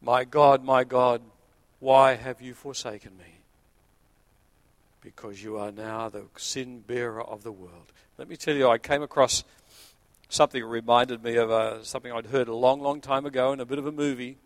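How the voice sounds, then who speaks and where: A man, a pastor delivering an earnest sermon that swells to emphatic peaks and sinks to quiet low points. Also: steady tone, a little fast, no echo. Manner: earnest preaching, rising to emphatic peaks then dropping low.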